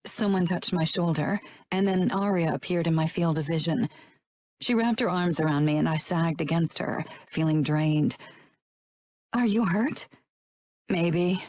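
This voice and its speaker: A woman narrating an audiobook in first person with a steady, even reading. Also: low voice, normal speed, no room sound.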